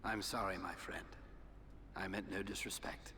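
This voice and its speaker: A courteous, measured adventurer, voiced by a man in a game cutscene, with a low voice. Steady noise sits behind his lines. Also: lightly acted. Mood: apologetic.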